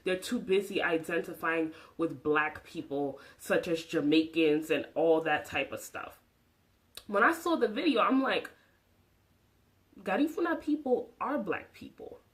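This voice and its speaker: A woman's voice: on the low side, animated, unhurried, low-quality recording. A young woman vlogging her opinions, emphatic and preachy, talking with her hands. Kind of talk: passionate opinion vlog.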